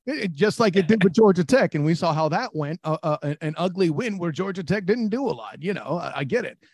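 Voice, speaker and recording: Man, sports podcast host, casual chat, rambling, high voice. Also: lively intonation, a little fast, darkish tone, husky, no room sound, clean studio sound. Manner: rambling, repeats words, laughs easily.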